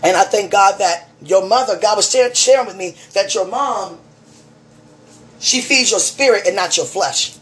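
A woman's voice: mid-range voice, slight background noise. A woman giving a fervent, emotional spiritual message to one listener, preaching and repeating her phrases.

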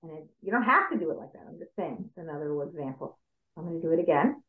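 A woman's voice: low voice, fast. Woman coach guiding breathing over a tinny call. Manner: calm, step-by-step instructive. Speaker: stress coach. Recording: tinny call audio in an echoey room.

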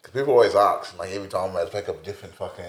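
Casting: young Aussie bloke, low voice, easygoing and sweary, echoey room. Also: male voice, rapid-fire. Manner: laid-back, sweary slang-heavy storytelling. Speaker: podcast co-host. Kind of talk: casual chat. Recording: roomy echo.

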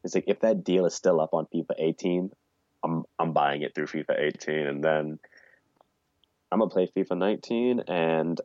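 Man, deep voice, mellow tone, casual rambling podcast talk, dull lo-fi dry sound. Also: moderate pace, no room sound. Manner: casual, rambling, mock-formal announcer bits. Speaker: podcast co-host. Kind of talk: casual gaming chat.

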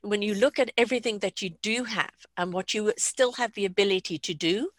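A woman's voice: medium pitch, fairly quick, no echo. A woman hosting a casual conversation, reflective and drawing on personal examples.

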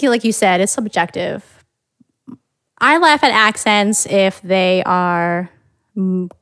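A woman co-hosting a casual discussion, speaking in a thoughtful, measured way and murmuring softly while she listens. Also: medium pitch, no echo, clean studio sound. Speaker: podcast co-host.

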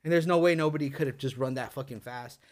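A man's voice: mid-range voice, fast talker. A young man telling a ghost story on a casual podcast, rambling and swearing, packing every sentence with "like" and "dude". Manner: rambling, profane, full of "like" and "dude".

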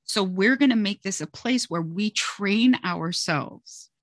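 A woman's voice: mid-range voice, slow pace, dry recording, clean studio sound. A woman who teaches music, chatting as an interview guest and telling stories expressively, often saying "you know" and "like". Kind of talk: conversational interview talk.

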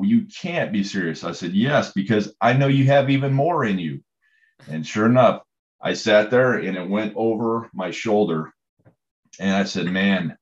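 Very deep-voiced coach guy rambling through a story, lots of you-knows, kinda muffled audio. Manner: rambling, many fillers and restarts. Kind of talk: storytelling in conversation.

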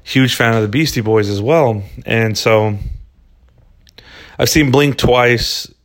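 A man hosting a podcast alone, talking in a rambling, casual way full of swearing and "dude" and "man.". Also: fairly low pitch. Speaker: podcast host. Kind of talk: casual solo podcast monologue.

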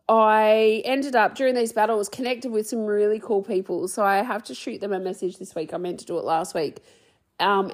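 A woman's voice: mid-range voice, a little mellow. A young woman hosting her own podcast, rambling casually, swearing freely and poking fun at herself. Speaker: podcast host. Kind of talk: casual solo podcast chat.

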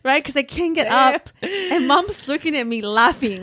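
A woman in her thirties telling a story in casual podcast chat, animated and laughing, full of "like". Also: sits high, moderate pace, slight background noise. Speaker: podcast co-host.

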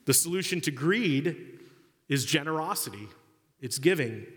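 A man's voice: a little high, lively intonation, normal speed, a bit bright. A man preaching a sermon, acting out little dialogues in comic voices. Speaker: pastor. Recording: long hall reverb.

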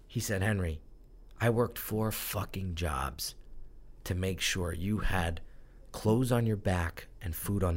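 A man telling his own story in a conversational interview, candid and emotional, swearing now and then. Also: fairly low pitch. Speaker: guest, brand strategist.

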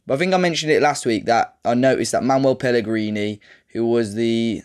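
A man chats casually on a podcast about his game progress. He rambles through his story with plenty of ums and self-corrections, and his voice sits at an ordinary middle pitch. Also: a little fast, clean tone. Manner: rambling, chatty storytelling with fillers. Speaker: podcast co-host. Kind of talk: casual chat about a football management game save.

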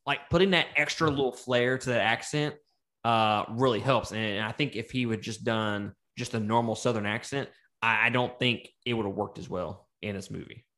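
Male co-host, middle pitch, loose and profane, casual movie-review banter. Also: moderate pace. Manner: animated, profane, laughs often. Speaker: podcast co-host.

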